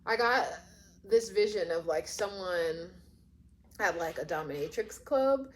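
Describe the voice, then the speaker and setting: A woman's voice: mid-range voice, expressive, unhurried. A woman giving a casual tarot reading, rambling and chatty with lots of fillers, often acting out imagined quotes. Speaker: tarot reader.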